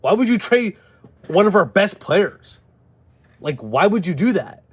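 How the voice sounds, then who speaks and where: A man's voice: high-pitched, sing-song, a little slow, slightly rough, voice pushed up, full character voice. A man putting on an exasperated male hockey star who curses at his team's management in disbelief. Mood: incredulous. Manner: incredulous, cursing, raised voice.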